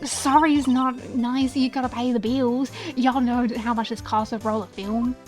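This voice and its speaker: A woman's voice: on the high side, fairly even intonation, moderate pace, a little mellow, faint music behind, natural voice. A woman putting on a brash Southern country gal. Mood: scolding. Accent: put-on American Southern drawl. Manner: scolding, folksy, drawling. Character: brash country woman photographer, loud and bossy.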